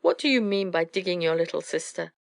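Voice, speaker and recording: A woman voicing a fussy, anxious mother owl who scolds in a high, shrill voice. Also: lively intonation, fairly quick, creaky, no echo. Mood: scolding.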